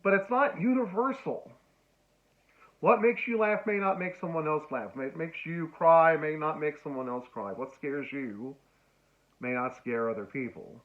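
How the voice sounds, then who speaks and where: A man giving a casual lecture on film, telling stories and acting out lines with sudden loud bursts. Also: on the high side, unhurried. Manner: animated storyteller, acts out quotes with sudden loud squeals. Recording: tinny phone-like sound.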